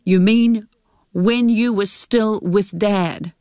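A woman voicing a resentful grown son in a spoken story, bitter and accusing, with slow, lightly raised delivery. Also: medium pitch, darkish tone, dry recording, studio quality, natural voice.

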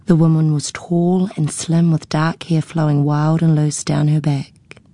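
A woman reading a novel aloud in a measured storytelling voice. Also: low voice, level tone, dark tone, dry recording. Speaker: audiobook narrator. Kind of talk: scripted narration.

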